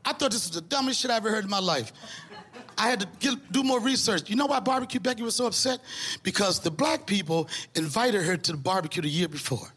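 A man doing crude stand-up comedy, talking loudly and often shouting his punchlines on stage before a live audience. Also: sits high, lively intonation, fast talker. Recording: live club recording with audience laughter.

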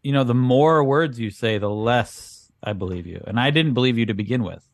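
A man co-hosting a podcast, chatting casually in a dry, skeptical, deadpan way. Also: mid-range voice, moderate pace, no echo. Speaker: podcast co-host. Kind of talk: casual chat.

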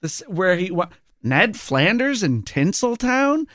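A man's voice: high-pitched, sing-song, slow pace, a bit bright, no echo, clean studio sound. A man in casual podcast chat, retelling scenes animatedly and acting out bits of dialogue. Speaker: podcast panelist.

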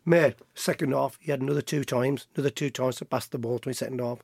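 A middle-aged man, a guest telling an animated anecdote and acting out the voices of others. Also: mid-range voice, fast talker, gravelly, slightly rough, no room sound, clean studio sound. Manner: lively storyteller acting out quotes, laughs often. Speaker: guest, former footballer.

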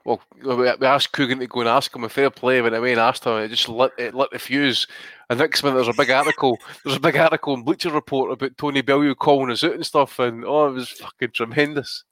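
A man co-hosts a casual podcast, telling stories with heavy swearing and lively energy. His voice sits in a middle range. The recording is dry and close. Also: mid-range voice, fast talker, dry recording. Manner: heavy swearing, animated storytelling. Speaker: podcast co-host.

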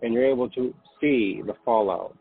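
Husky, reassuring man, phone-like. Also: medium pitch, moderate pace. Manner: gentle, reassuring, guiding the listener to breathe and relax. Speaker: podcast host. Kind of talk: late-night spiritual podcast talk. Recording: dry, phone-like narrow sound.

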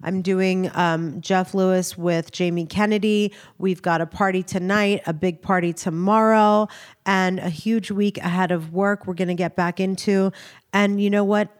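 A woman's voice: medium pitch, fairly even intonation, moderate pace, clean tone. Female podcast co-host, stuffy-nosed, chatty and rambling. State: congested, nasal from a cold. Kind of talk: casual chat.

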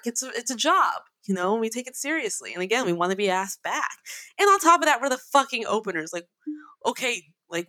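A woman musician telling a story in casual talk, animated, emphatic and full of swearing. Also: fairly high pitch, no room sound. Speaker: singer and guitarist.

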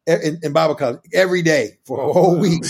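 A man co-hosting a casual chat, telling funny stories with lots of laughter and big leaps in pitch when quoting others. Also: quick pace, a little hiss or hum. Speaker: podcast co-host.

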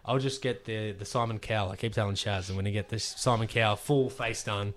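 Here a man who wrestles professionally recounts a story for a relaxed podcast, his fairly low voice moving at a brisk clip. He's lively, profane, and dramatizes what everyone said.

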